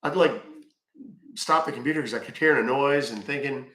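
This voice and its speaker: A man's voice: medium pitch, brisk, pushed and bright, echoey room, a little hiss or hum. A man hosting a casual live stream from home, rambling, thanking viewers by name and swearing offhand. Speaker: live-stream scambaiter host.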